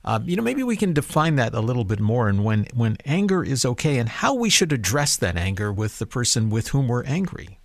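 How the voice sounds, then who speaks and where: A man's voice: mid-range voice, a little fast, few pauses, dry recording, clean studio sound. A man hosting a Catholic radio call-in show, introducing a guest and reading out the phone number. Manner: lively, repeats phone number in sing-song. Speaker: radio host.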